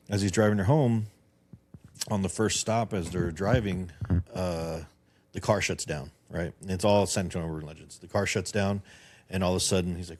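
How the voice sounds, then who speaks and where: A middle-aged man with a very low voice rattles along at a quick clip. He is a podcast guest telling a story in a loose, profane, animated way. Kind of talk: casual chat and storytelling.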